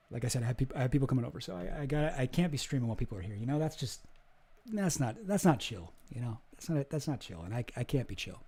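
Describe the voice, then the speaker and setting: A young man on a live stream giving casual commentary, animated and swearing as he gets worked up. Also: mid-range voice, fast, breathy edge.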